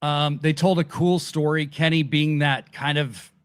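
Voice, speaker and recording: A man hosting a casual wrestling review chat, animated and swearing casually as he retells events. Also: a little high, unhurried, smooth, no room sound, clean studio sound. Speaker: podcast host.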